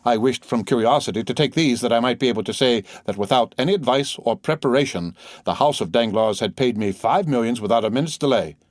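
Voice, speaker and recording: Smooth ironic rich count, polished and teasing, read by a man, dry sound. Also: mid-range voice, fast, dry recording, natural voice. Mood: poised. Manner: polished, gently mocking. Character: suave wealthy nobleman count, ironic and poised.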